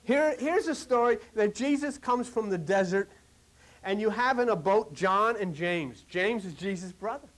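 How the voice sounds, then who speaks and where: A man with a high voice preaching to a congregation. He talks in a loose, chatty way, circling back over his points, then climbs to an animated, emphatic pitch. His delivery is that of a sermon. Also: normal speed. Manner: conversational, repetitive, rising to animated emphasis.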